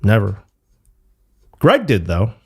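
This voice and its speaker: A company founder talking loosely as an interview guest, full of fillers and the odd swear word. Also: male voice, lowish voice, wildly swooping pitch, takes it slowly, slightly rough. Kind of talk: casual interview talk.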